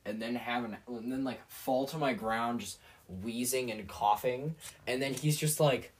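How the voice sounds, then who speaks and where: Recorded from a distance, this man's voice is medium-pitched, steady in tone and unhurried. It belongs to a teenage boy podcast host rambling through a sarcastic, self-mocking solo rant full of fillers and restarts.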